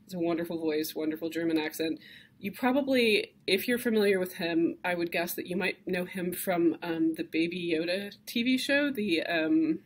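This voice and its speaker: A woman's voice: fairly low pitch, normal speed. A woman lecturing a class on cave art, speaking conversationally and enthusiastically with frequent fillers and restarts.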